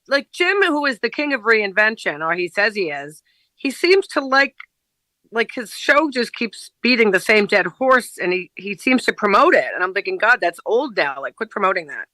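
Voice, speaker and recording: A co-host chatting casually and telling stories in an animated way. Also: medium pitch, moderate pace, dry recording. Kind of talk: casual chat.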